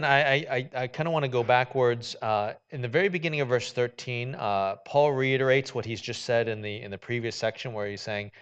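A man's voice: mid-range voice, a bit bright. A man preaching a sermon in a conversational way, with many fillers and restarts. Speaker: pastor.

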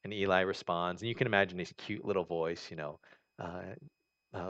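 On a dull, lo-fi recording, a pastor with a deep, steady, slightly bright voice preaches at normal speed. His style is conversational: he reads scripture aloud, then explains it, restarting often and using many fillers.

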